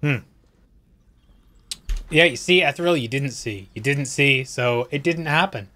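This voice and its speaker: A man's voice: medium pitch, a little slow, pushed and bright. A man giving casual gameplay commentary, chatty and self-mocking, talking straight to his viewers. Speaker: let's play host.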